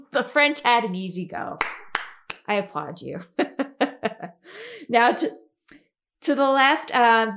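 A woman's voice: fairly high pitch, a bit bright. A woman hosting a podcast, giving a casual history recap in a chatty way with fillers and frequent giggles. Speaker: podcast host.

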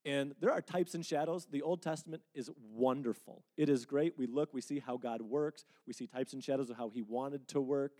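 A male pastor speaks in a mellow, relaxed tone. He stays conversational and earnest and answers a question from the congregation. Now and then he acts out little quotes in a livelier voice. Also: medium pitch, normal speed, hardly any pauses. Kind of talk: sermon Q&A.

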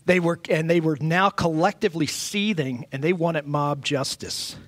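A middle-aged man preaching a sermon as pastor, earnest and halting, often restarting his phrases. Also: a little high, no echo.

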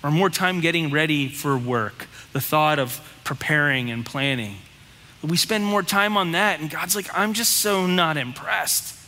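Bright-voiced man preaching in a hall. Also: on the high side, lively intonation, normal speed. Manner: blunt, conversational preaching with rhetorical questions. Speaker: pastor. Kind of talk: sermon.

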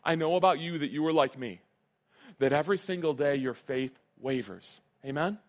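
A man's voice: on the high side, normal speed. A male pastor preaching a sermon, earnest and emphatic, repeating his key phrases.

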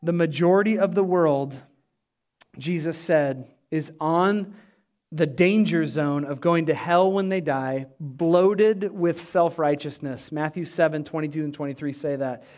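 Man, middle-aged pastor, high voice, emphatic sermon delivery, church. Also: unhurried. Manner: emphatic preaching, dropping low and quiet for weight.

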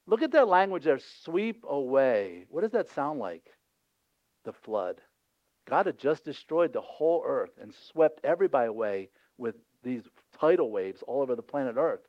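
A male pastor preaching a sermon in a lively, conversational way, acting out voices from the scripture scenes. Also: mid-range voice, moderate pace, no room sound, lo-fi sound.

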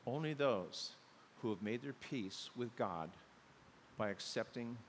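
A man preaching a sermon, telling stories and building to loud, emphatic peaks. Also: mid-range voice, expressive, measured pace. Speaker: pastor. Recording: long hall reverb, faint hiss.

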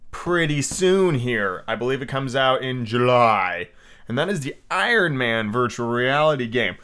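Man at mid pitch, casual podcast host reading aloud and rambling with fillers and blunt asides. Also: sharp tone. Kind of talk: casual chat and storybook reading.

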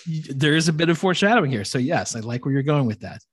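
A man's voice: a little high, lively intonation, rapid-fire, husky. A man hosting a podcast, casually retelling a myth with chatty asides. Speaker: podcast host.

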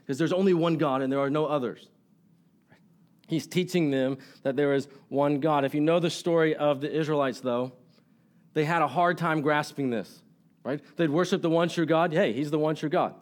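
A man preaching a sermon in earnest, often asking the congregation "right?" and slowing down to stress quoted lines. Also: on the high side, darkish tone. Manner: stumbling restarts, slows to stress quotes.

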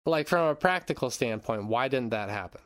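A man's voice: medium pitch, expressive, fairly quick, fairly bright tone, dry recording, clean studio sound. A young man hosting a casual podcast who laughs often, rambles, and swears while recapping an episode. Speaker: podcast host.

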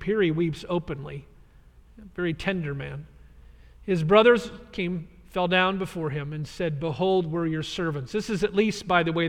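A male pastor delivers an earnest, emphatic sermon. His voice sits high for a man. The sound carries the long, lingering reverb of a large hall. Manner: earnest, emphatic expository preaching.

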